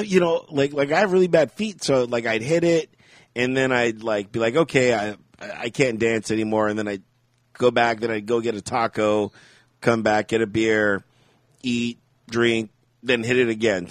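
A man's voice: medium pitch, dry recording, studio quality. A man co-hosting a podcast, telling a rambling story in casual chat and laughing often. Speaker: podcast co-host.

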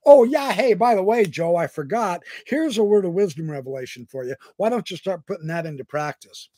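A man's voice: sits high, animated, brisk, mellow. A man voicing God as a casual, forgetful male deity who tosses off an order in a chummy way. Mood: flippant.

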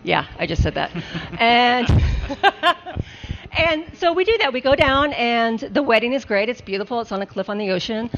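A woman telling a comic story on a live show, animated and laughing often. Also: on the high side, moderate pace. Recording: dull lo-fi live recording with faint hiss.

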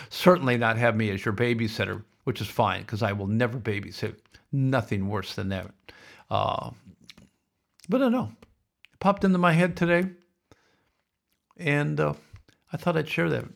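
Gravelly-voiced man rambling a dark tale. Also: mid-range voice. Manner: rambling, darkly humorous storytelling. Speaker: podcast host. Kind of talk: casual podcast monologue.

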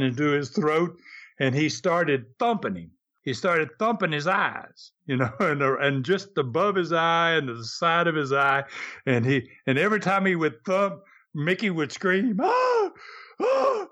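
A man's voice: a little high, expressive, measured pace, sharp tone. An older man in his seventies, telling anecdotes as an interview guest, chuckling often and acting out the quotes. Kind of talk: storytelling interview.

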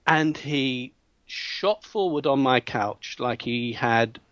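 A man, a hypnotherapist telling a client story in an interview, lively and acting out voices with frequent restarts. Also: medium pitch, slow pace, no room sound. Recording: dull, dry sound.

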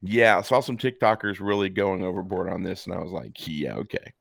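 A man's voice: sits low, steady tone, a little fast, vocal fry, no room sound, clean studio sound. A man co-hosting a podcast, reading a text aloud with sarcastic asides. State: hiccups. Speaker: podcast co-host. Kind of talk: casual chat, reading and joking.

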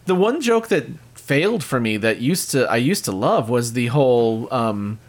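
A man co-hosts a casual podcast conversation about an old film, speaking at a moderate pace in a medium pitch and sounding very animated. He laughs often and frequently restarts his sentences.

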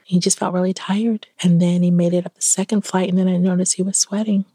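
A woman's voice: lowish voice, a little fast, no echo, clean studio sound. A middle-aged woman, a podcast guest, telling a personal story in an interview and acting out the dialogue in it. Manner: animated, acts out quoted dialogue.

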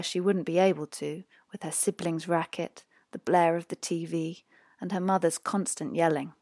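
Hushed, whispery woman storyteller. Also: lowish voice, dry recording, studio quality. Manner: hushed, often drops to a whisper. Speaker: audiobook narrator. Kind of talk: storybook narration.

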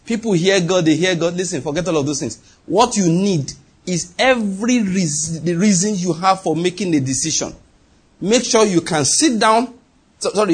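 A middle-aged man, preaching an animated sermon with sudden leaps in pitch and acted-out dialogue. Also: breathy edge. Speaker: pastor.

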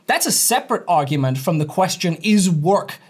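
Animated man with hybrid British accent. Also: high-pitched, moderate pace, breathy edge. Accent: British-American hybrid. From England. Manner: animated, argumentative, laughs often. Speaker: author guest. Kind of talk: casual interview chat.

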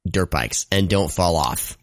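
A man's voice: sits low, lively intonation, unhurried, no echo, clean studio sound. A man co-hosting a casual podcast, throwing in jokes and poking fun at his own bad puns. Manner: joking, self-deprecating quips. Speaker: podcast co-host. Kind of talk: casual chat.

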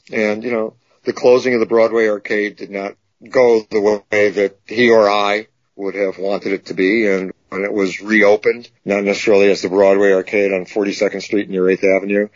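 A man with a fairly low voice speaks in a measured, wordy way in a casual podcast chat. His voice sounds dry and a little muffled, as if recorded close in a dead room. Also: dry recording. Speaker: podcast guest. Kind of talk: casual conversation.

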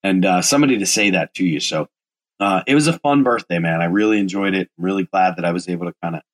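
A man's voice: sits low, fast talker, rough recording. A man in his forties hosting a casual solo podcast, rambling loosely, swearing and correcting himself as he goes. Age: 40s. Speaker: podcast host.

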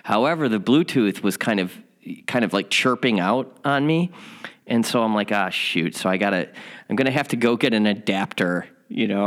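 A man teaching a spiritual lesson, telling a candid story in a rambling, self-mocking way before reading the day's lesson. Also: lowish voice.

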